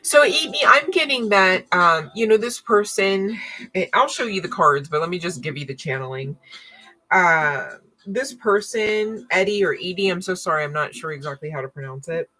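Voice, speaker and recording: A woman giving live tarot readings to viewers, excitable and thinking aloud as she turns cards. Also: on the low side, moderate pace, poor audio. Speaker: tarot reader.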